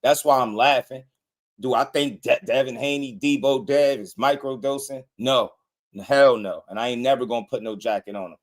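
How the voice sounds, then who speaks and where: A man's voice: mid-range voice, normal speed. A man hosting a casual boxing commentary show, blunt and slangy, laughing often as he talks.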